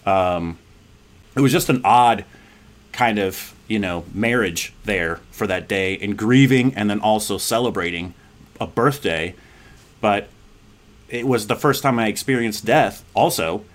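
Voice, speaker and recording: A man on a podcast telling a personal story in a casual, rambling way, often laughing and then going quiet and reflective. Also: lowish voice, measured pace.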